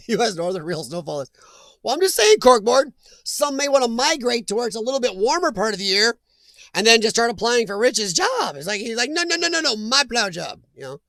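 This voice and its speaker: Gravelly high-voiced chatty man. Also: very animated, a little fast, fairly bright tone, no echo. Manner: rambling, jokey, reacts to chat comments. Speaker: host of a live chat stream. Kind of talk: casual live-stream chat.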